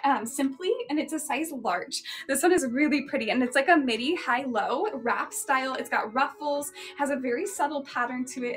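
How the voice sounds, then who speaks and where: A young woman chatting casually on a live stream as she sells thrifted clothes, giggling often and filling gaps with "um" and "like.". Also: high voice. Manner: chatty, giggly, lots of ums and likes. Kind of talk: casual live-selling chat.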